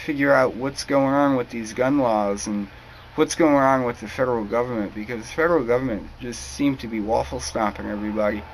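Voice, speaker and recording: Young man, profane rambling rant, mid-pitch, faint hiss behind. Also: poor audio. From New England. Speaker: vlogger. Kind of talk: ranting monologue to camera.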